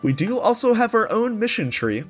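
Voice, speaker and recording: A man's voice: high voice, sing-song, normal speed, soft background music. A man hosting a let's play, giving casual strategy game commentary with rambling asides.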